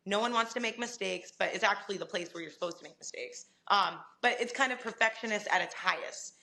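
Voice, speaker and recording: A young adult woman talks as a podcast guest, recounting her career in an animated, chatty way. Her voice is bright and forceful, and laughter slips in often. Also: medium pitch, quick pace, gravelly. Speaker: guest, sports reporter. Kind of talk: casual podcast conversation.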